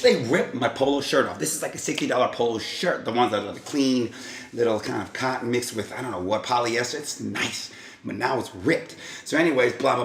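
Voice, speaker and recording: A man's voice: medium pitch, fairly bright tone, echoey room. Rambling man telling a wild story. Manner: rambling, acts out quotes and sound effects. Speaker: vlog host. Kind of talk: casual storytelling.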